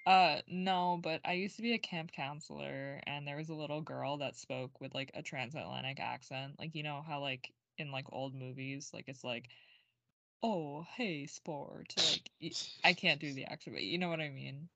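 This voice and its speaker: A woman's voice: sits low, normal speed, creaky, few pauses, fairly bright tone, no echo. A young woman co-hosting a podcast, talking casually and rambling with lots of filler words. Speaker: podcast co-host. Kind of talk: casual chat.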